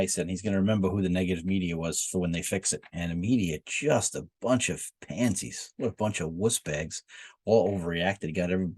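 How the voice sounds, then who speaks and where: A man's voice: low-pitched, darkish tone, slightly rough, dry recording. A man giving blunt, profane football opinions in a rambling rant, full of filler uhs. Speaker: football commentator. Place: Miami.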